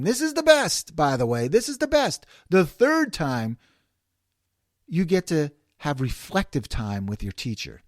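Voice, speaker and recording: A man's voice: fairly high pitch, no echo, studio quality. A man in his forties, a host delivering a sarcastic, ranting monologue. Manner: sarcastic, animated.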